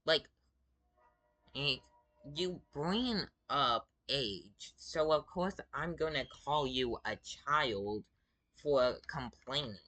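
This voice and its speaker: A man's voice: mid-range voice, animated, extremely slow, pushed and bright. A man who is sick gives casual commentary as he reads out game chat, sounding exasperated and drawling with lots of fillers. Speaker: gaming video creator.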